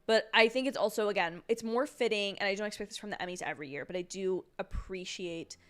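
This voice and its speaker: A young woman chatting through a live watch-along from home, talking into a desk mic. She rambles easily and drops quick apologies as she goes. Her voice sits at an ordinary middle pitch and carries a sleepy edge. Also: fairly bright tone, smooth. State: sleepy, yawning. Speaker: livestream host. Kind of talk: casual watch-along chat.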